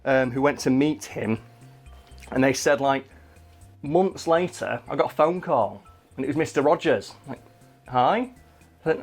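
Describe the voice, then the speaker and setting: A man's voice: medium pitch, expressive, a little slow, long pauses, husky, faint music behind. A man telling stories in casual chat, rambling along with many fillers.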